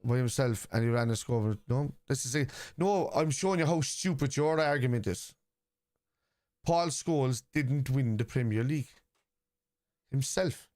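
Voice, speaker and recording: A man's voice: mid-range voice, a little slow, a little mellow. An Irish man hosting a live football watchalong stream, arguing point by point with viewers' comments in a combative way.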